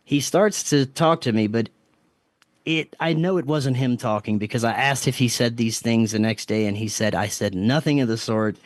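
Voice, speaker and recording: A man's voice: mid-range voice, normal speed, no room sound. A man, a podcast guest, earnestly retelling a strange experience with restarts and quoted self-talk. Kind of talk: storytelling in casual interview.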